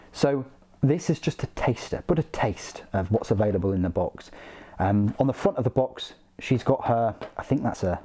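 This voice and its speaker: Guy chatting through an unboxing, low warm voice, jokey, lots of uhs. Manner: chatty, joking, with many ums and uhs. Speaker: hobby channel host. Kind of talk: casual unboxing commentary.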